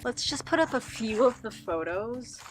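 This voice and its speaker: A young woman in casual vlog chat, chatty and quick to get excited or exasperated. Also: on the high side. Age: young adult. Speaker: vlogger.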